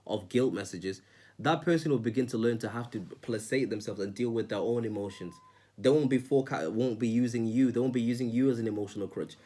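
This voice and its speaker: A man's voice: medium pitch, darkish tone. A man giving self-help advice in a casual, earnest monologue, often repeating words and restarting sentences.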